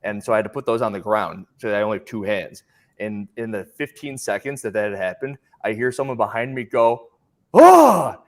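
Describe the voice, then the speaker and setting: A man co-hosting a podcast, telling stories in casual chat and acting out other people's lines in an animated way. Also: on the low side, a little fast. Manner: animated, acts out voices in his stories. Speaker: podcast co-host.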